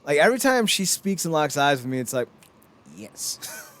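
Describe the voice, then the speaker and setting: A man's voice: fairly high pitch, fast. A man in his thirties hosting a podcast, chatting casually and joking with lots of laughter. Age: 30s. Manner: animated, joking, laughs often. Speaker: podcast host. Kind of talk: casual chat.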